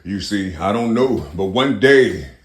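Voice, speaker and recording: A man's voice: on the low side, animated, unhurried, reverberant. Profane, preachy man musing outdoors. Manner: profane, preachy, repeats "you see". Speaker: vlogger. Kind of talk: rambling monologue. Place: outdoors by a river at night.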